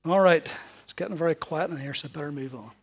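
High-voiced preacher with chatty asides. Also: male voice, quick pace, slightly rough. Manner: chatty, asks the congregation tag questions. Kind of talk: sermon. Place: church hall before a congregation.

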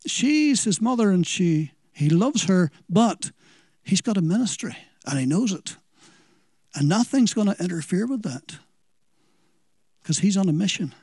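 A man's voice: sits high, expressive, a little slow, pauses often, darkish tone, breathy edge, no room sound, studio quality. A man with a Northern Irish accent preaching a sermon, telling it as an earnest story and asking the listeners questions.

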